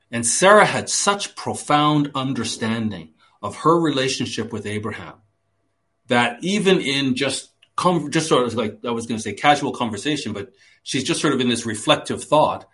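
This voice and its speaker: Lively preaching man with swinging emphasis. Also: medium pitch. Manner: expository teaching with dramatic emphasis swings. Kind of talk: sermon.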